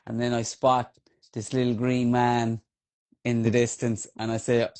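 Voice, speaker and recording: A man with an Irish accent, a trail runner on a podcast, telling a race story in a lively, casual way with many fillers and swearing. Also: mid-range voice, unhurried.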